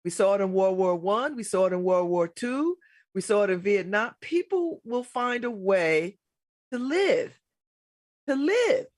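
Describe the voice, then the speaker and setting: A woman's voice: medium pitch, lively intonation, normal speed, no echo. A middle-aged woman hosting a casual political talk show, blunt and emphatic, laughing often. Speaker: radio host.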